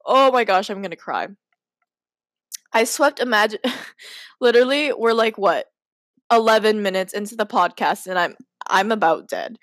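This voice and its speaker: A woman's voice: medium pitch, normal speed, pauses often, a bit bright, no room sound, studio quality. A young woman hosting a casual podcast, reading her old writing aloud and mocking it with lots of laughter and "like". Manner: giggly, self-mocking, says "like" a lot. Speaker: podcast host.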